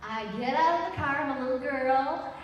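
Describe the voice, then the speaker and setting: A middle-aged woman tells a personal story on stage, slowly and chattily, with a fairly high voice and laughter at her own jokes. She is heard from far off in a big hall full of echo. A faint hum sits under the recording. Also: muffled recording. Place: large hall at a live event.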